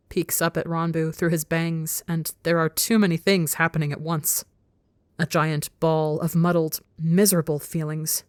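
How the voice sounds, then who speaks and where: A woman narrating a story in a measured, intimate way. Her voice sits low for a woman, and the recording is close and dry. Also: no echo. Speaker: audiobook narrator. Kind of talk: scripted narration of fan fiction.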